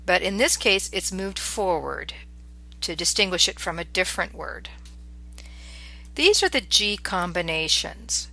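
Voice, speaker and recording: Slow, bright-voiced woman teaching pronunciation. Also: on the low side, expressive, creaky. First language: English. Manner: slow, careful drilling of sounds and words. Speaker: language teacher. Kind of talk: pronunciation lesson.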